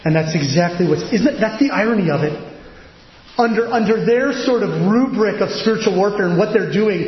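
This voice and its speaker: A man preaching a sermon, animated and pressing his points with rhetorical questions. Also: high-pitched, fairly quick. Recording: echoey hall, dull lo-fi sound with faint noise.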